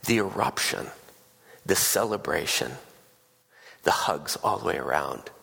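Male pastor, low gravelly voice, casual storytelling sermon, long hall echo. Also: measured pace. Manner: casual storytelling, animated voices for quoted people.

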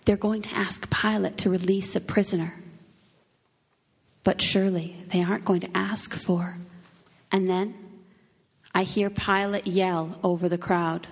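Slow, solemn woman in a reverberant hall. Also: mid-range voice, little pitch movement. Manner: slow, solemn, emotive storytelling. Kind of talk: dramatic first-person Easter monologue. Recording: long reverb of a church hall.

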